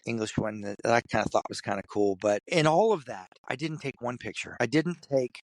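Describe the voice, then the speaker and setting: A man guest in an interview, from Kentucky, telling a story in an animated way and putting on the voices of the people in it. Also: mid-range voice, brisk, no echo. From Kentucky, USA. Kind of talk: storytelling in conversation.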